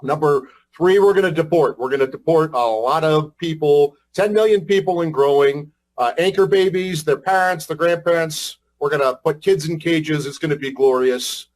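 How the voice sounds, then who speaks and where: A man's voice: fairly high pitch, normal speed, few pauses, low-quality recording. A man speaking at a public event in a boastful, mocking tone. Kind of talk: public speech.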